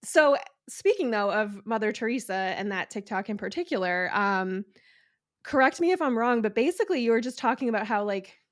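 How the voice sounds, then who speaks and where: A woman's voice: a little high, expressive, a little fast, no echo. Chatty woman podcast host, dry sound. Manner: chatty, fills speech with "like" and "um". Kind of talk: casual podcast conversation.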